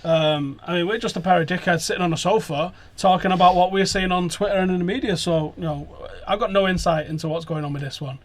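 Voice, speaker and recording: A man hosting a football podcast, telling sweary, animated stories in casual chat from a sofa. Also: high-pitched, quick pace, few pauses. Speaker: podcast host. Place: sofa indoors.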